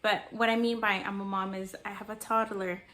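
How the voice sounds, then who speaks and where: A woman's voice: medium pitch, flat delivery, moderate pace, fairly bright tone. A young woman artist chatting casually to camera in a rambling way, telling a personal story and drifting off topic. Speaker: artist vlogger.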